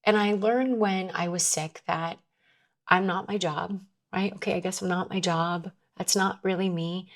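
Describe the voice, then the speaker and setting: A woman's voice: lowish voice, steady tone, a little slow. A woman guest in a conversation, telling her personal story in an earnest, emotional way, often restarting her sentences. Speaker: podcast guest.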